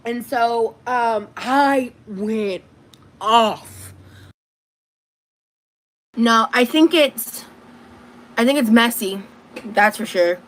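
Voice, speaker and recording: Animated woman telling a story, swearing casually. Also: a little high, very slow, long pauses, low-quality recording. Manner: animated, swearing, acts out quotes. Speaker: vlogger.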